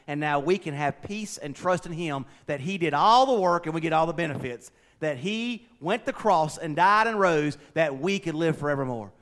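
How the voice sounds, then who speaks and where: A middle-aged man preaching a folksy, conversational sermon, swinging between loud and quiet. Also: a little high. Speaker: pastor.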